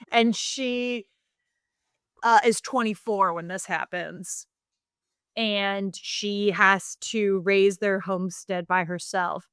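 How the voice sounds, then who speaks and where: A woman co-hosting a casual podcast, spinning a silly story with plenty of "like" and "um." Her voice is smooth and clear, recorded dry on a close mic. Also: medium pitch, steady tone, slow pace, pauses often, fairly bright tone, no echo. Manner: playful storytelling, lots of fillers. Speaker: podcast co-host. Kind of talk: casual chat.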